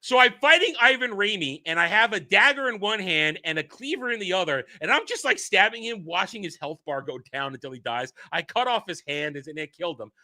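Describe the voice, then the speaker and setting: A man hosting a casual livestream, rambling and excitable, swearing and swinging between loud outbursts and low muttering. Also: a little fast, few pauses. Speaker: streamer host.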